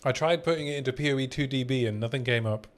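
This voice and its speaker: Man, game streamer, casual chat, relaxed, answers chat. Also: mid-range voice, fast. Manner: relaxed, reads chat aloud and replies.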